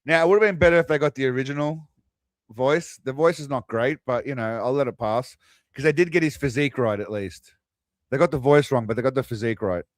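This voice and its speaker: Male stream host, mid-pitched, rambling chat on a dry close mic. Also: quick pace, dry recording. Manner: rambling, chatty, with restarts and laughs. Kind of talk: casual stream commentary.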